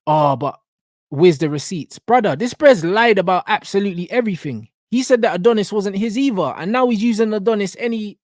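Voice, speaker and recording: A man breaks down rap lyrics in a heated, animated rant, dropping a low "bro" after nearly every phrase. His voice sits a little high, and the sound is dry and close, with no room around it. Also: no echo. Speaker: reaction channel host. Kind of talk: rap reaction commentary.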